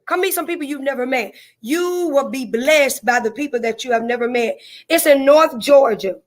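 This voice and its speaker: A woman's voice: sits high, moderate pace. A woman with a Southern drawl hosting a casual live stream, chatting folksily with viewers, repeating herself and greeting them by name.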